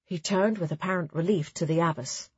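A woman narrating a story in a measured, even way, with a breathy voice. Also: fairly low pitch, dry recording, dull audio. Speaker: audiobook narrator. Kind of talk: scripted narration.

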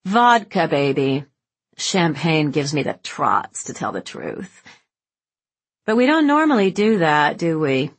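A woman's voice: deep voice, big pitch swings, slow, heavily acted. A woman voicing a drunk, brash older society woman who slurs and swears. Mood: drunk, bitter.

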